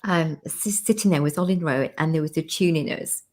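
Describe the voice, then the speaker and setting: A woman with a low, darkish voice talks briskly while hosting an informal interview on a video call, with a little hiss or hum in the audio. She laughs, tells chatty stories, and acts out what others said.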